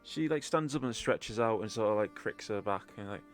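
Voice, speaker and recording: A deep-voiced man running a tabletop game as game master, rambling loosely through his narration with lots of fillers. Faint music plays behind him. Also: moderate pace. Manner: rambling, relaxed, full of fillers.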